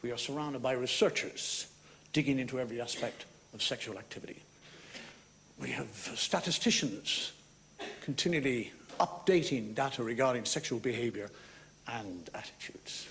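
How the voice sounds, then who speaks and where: A man's voice: medium pitch, moderate pace, a little hiss or hum. A man doing a stand-up comedy monologue in a wry storytelling way, with mock-outraged asides. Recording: live theatre recording with loud audience laughter. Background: audience laughing.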